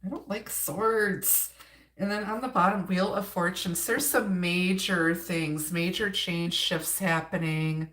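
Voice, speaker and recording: This tarot reader hails from Wisconsin, United States, and speaks with an Upper Midwest accent in a lowish, fairly bright voice. On her live stream she chats through the reading, welcoming viewers and laughing between cards. A roomy echo fills the recording.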